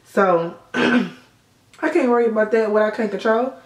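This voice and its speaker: A woman's voice: mid-range voice, moderate pace. Give me a young woman casually talking through a makeup tutorial in an echoey room. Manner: chatty storytelling with frequent swearing. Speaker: beauty vlogger. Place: indoor room at sunset.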